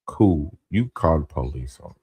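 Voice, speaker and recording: A male podcast co-host telling stories in slangy, laid-back chat. His voice is very deep and husky, with dark, mellow tone and lively swings in pitch. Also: normal speed. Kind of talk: casual chat.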